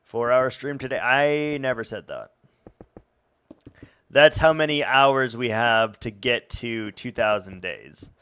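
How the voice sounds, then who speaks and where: Slow, rambling young male streamer. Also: mid-range voice, bright, forceful tone, clean tone. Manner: rambling, chatty, stumbles and restarts. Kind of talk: casual gameplay chat.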